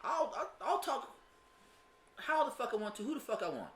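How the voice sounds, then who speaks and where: A man with a Southern US accent, co-hosting a podcast, telling stories in a profane, animated way. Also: very high voice, moderate pace, echoey room, a crowd in the background. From Denver, USA. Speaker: podcast co-host. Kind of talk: casual podcast chat.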